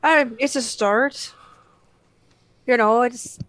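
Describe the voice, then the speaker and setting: A woman's voice: a little high, slow, fairly bright tone. Hesitant woman playing in character. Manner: hesitant, nervous, with fillers. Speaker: player. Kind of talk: in-character tabletop role-play.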